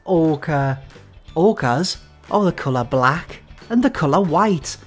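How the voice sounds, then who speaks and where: A woman teaching animal names to young children in a slow, sing-song way, inviting them to repeat each word. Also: sits low, lively intonation, soft background music. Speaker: children's educational host.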